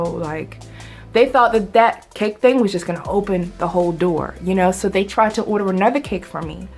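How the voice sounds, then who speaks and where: Brief: chatty, dramatic woman vlogger, mid-pitched, soft music underneath. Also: normal speed. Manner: animated, dramatic, conversational. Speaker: vlogger telling a story. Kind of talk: casual storytime vlog.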